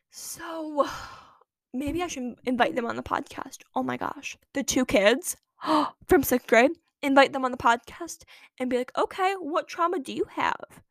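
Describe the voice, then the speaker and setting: A teenage girl hosting her own podcast, telling a story in a chatty, animated way that jumps from loud lines to whispered asides. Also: high-pitched, no echo, clean studio sound. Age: late teens. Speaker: podcast host. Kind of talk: casual storytelling monologue.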